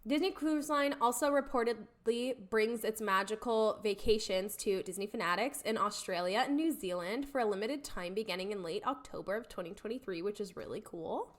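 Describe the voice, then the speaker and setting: A woman's voice: medium pitch, moderate pace, hardly any pauses. A young woman co-hosting a podcast, chatting and reading news items aloud. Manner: relaxed, reads news items aloud between banter. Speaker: podcast co-host. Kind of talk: casual chat.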